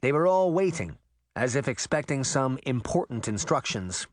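A man narrating a story aloud with expressive storytelling. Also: mid-range voice, normal speed, no echo, clean studio sound. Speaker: audiobook narrator. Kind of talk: scripted narration.

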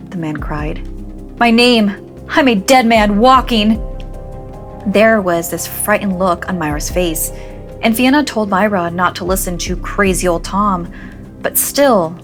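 A woman host narrating a scripted scary story in a hushed, dramatic manner. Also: on the low side. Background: faint music.

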